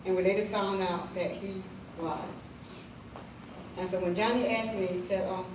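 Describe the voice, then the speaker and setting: A middle-aged woman speaking at a women's conference, giving a heartfelt personal testimony in a halting way, often repeating phrases. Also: mid-range voice, steady tone. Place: large hall at a women's conference. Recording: echoey hall, voice from far off, faint hiss.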